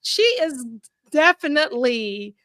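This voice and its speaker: A woman in her forties co-hosting a podcast, telling stories in a sassy, animated casual chat. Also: high-pitched, takes it slowly, no echo. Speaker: podcast co-host.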